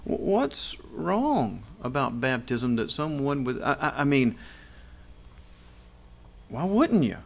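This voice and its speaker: Animated man preaching a sermon. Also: mid-range voice, slow pace, vocal fry, pauses often. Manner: conversational preaching with rhetorical questions and frequent restarts. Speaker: pastor.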